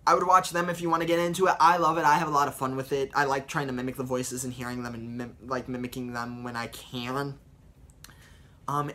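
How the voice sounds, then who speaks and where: A man's voice: a little high, bright, forceful tone. A young man in his late teens chatting casually as a vlogger about voice impressions, rambling and upbeat with lots of fillers. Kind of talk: casual tutorial chat.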